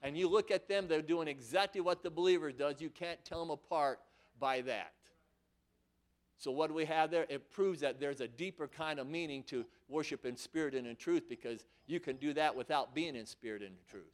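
A man's voice: on the high side, moderate pace. A male preacher delivering a sermon, emphatic and repetitive, often calling his listeners friends.

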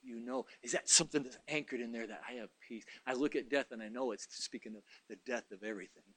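A man preaches a sermon fast in a medium-pitched, slightly rough voice. He drops to hushed murmurs, then rises to excited shouts, repeating phrases for emphasis.

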